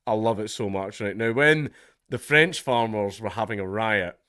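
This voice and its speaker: A man's voice: on the low side, moderate pace, sharp tone, no room sound, studio quality. A Scottish man giving casual vlog commentary in a sardonic tone, laughing often as he talks. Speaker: political commentator.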